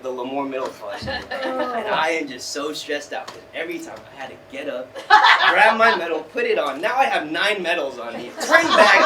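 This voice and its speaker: A young man from California telling a story live on stage, animated and self-mocking, acting out the people he quotes. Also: fairly high pitch, noisy background. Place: small theater stage. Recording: roomy theater sound from a distance.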